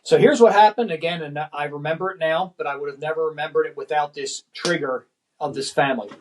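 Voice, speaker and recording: A middle-aged former firefighter lieutenant, appearing as a podcast guest, rambles through a personal story with plenty of profanity, often ending sentences with "man." His voice is a little high and slightly mellow, and he talks fast. The recording is rough.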